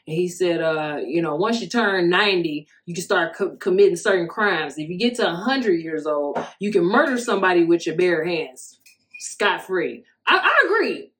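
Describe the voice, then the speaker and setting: A woman's voice: lowish voice, normal speed. A woman in her thirties hosting a solo podcast, talking candidly and profanely in a casual monologue, often laughing as she tells stories. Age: 30s. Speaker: podcast host.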